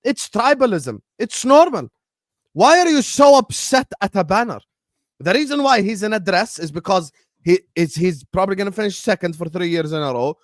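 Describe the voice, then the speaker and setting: A man on a football podcast panel, arguing in a casual, animated and jokey way. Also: high-pitched, normal speed, dry recording, studio quality. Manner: animated, jokey, puts on accents.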